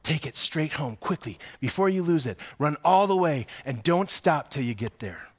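A man's voice: on the high side, lively intonation, moderate pace, slightly rough, voice pushed up. A man doing a shrieking, overjoyed shopkeeper. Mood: protective urging. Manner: shouting, frantic. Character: excitable male shopkeeper, loud and fussing.

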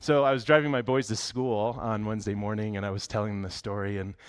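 A man giving a sermon as pastor, speaking conversationally and telling stories with humor and lively bursts. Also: lowish voice, quick pace, clean tone. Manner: conversational, animated storytelling with humor.

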